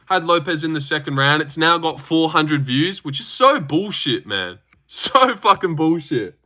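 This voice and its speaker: A young man with an Australian accent chats through a livestream, reacting to viewer comments in a brash, animated way. His voice is bright and sharp, and he swears freely as his pitch leaps up and down. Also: a little slow. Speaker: livestream host. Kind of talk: casual livestream chat, reading viewer comments.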